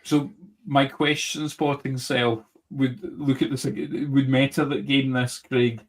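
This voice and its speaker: A man's voice: medium pitch, level tone, takes it slowly. Wry, teasing man co-hosting a podcast. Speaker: podcast co-host. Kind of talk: casual chat.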